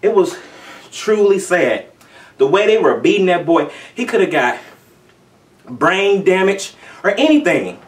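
A man's voice: sits high, big pitch swings, measured pace, long pauses, recorded from a distance. Emphatic male vlogger, heated repetitive rant; roomy sound, set back from the mic. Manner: heated, emphatic, repeats himself. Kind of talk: ranting commentary vlog.

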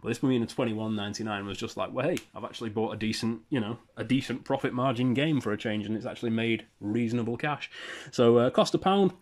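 A man's voice: fairly low pitch, fairly even intonation, fast talker, few pauses. A man in his thirties from the UK, casually rambling through a sales roundup for his channel with self-deprecating asides. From United Kingdom. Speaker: eBay reseller vlogger.

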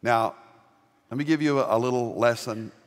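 Older Southern preacher in a reverberant sanctuary. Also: male voice, mid-range voice, moderate pace. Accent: Southern American. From American South. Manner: rising to loud emphatic preaching, homespun humor. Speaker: pastor. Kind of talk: sermon. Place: large church sanctuary. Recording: long reverb of a large church.

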